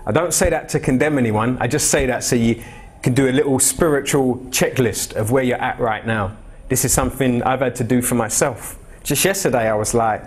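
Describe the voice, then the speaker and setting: A young English pastor delivers an expository sermon in church, speaking directly and conversationally to the congregation and asking them questions. His voice is mid-range at a normal pace.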